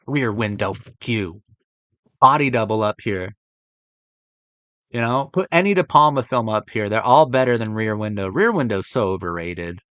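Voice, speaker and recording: A young man reacting to a movie ranking, swearing often and swinging between loud exasperated outbursts and low muttering. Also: animated, moderate pace, dry recording. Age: young adult. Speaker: film reaction vlogger. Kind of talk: ranting reaction to a movie list.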